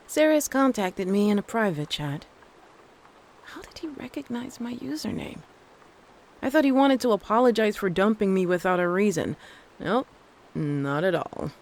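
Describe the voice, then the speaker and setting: A narrator reading a first-person scary story, with dry, wry asides. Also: medium pitch. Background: faint thunderstorm ambience.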